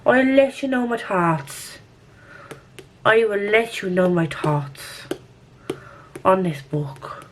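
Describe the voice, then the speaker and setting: A woman putting on a jokey, exaggerated accent for a drawn-out vlog sign-off. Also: mid-range voice, a bit bright, a little hiss or hum, close to an everyday voice. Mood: playful. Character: jokey put-on accent of herself, playful woman.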